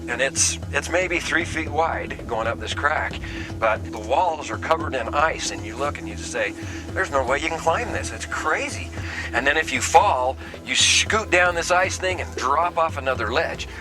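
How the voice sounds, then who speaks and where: A man's voice: mid-range voice, animated, normal speed, rough recording. A middle-aged man telling a caving story in a folksy way for a documentary interview, acting out the lines he quotes. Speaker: caver recounting an expedition. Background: music bed.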